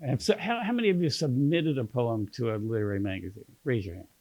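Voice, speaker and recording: Kentucky guy, husky gravelly voice, reading poems and cracking jokes at a book launch, dull dry recording. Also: mid-range voice, quick pace, darkish tone. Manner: joking, chatty asides to the audience between poems. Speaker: poet and magazine editor reading at a book launch. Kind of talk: poetry reading with audience banter. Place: literary center event room.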